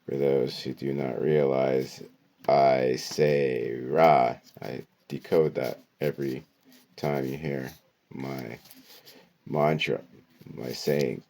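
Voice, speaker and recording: A man with an extremely deep voice explains how to decode words, one sound at a time. He speaks slowly and deliberately. He keeps punctuating his points with "okay" and "right" as he teaches. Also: little pitch movement, creaky, warm tone. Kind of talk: esoteric word-decoding lesson.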